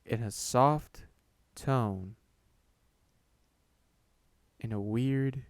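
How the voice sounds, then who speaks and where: A man reading a horror story aloud in a slow, deliberate narration. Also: fairly low pitch, steady tone, smooth, dry recording.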